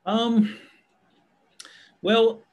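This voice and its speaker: Slow-talking man with halting speech. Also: extremely high pitch, little pitch movement. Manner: halting, with many restarts. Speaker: guest. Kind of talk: casual discussion.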